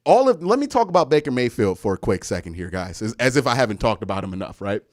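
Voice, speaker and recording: A man's voice: mid-range voice, big pitch swings, fast. A young man hosting a live sports stream, boasting and trash-talking the rival team while he thanks viewers for their messages. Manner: boastful trash talk with shouts and laughs, reads out viewer messages. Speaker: sports show host.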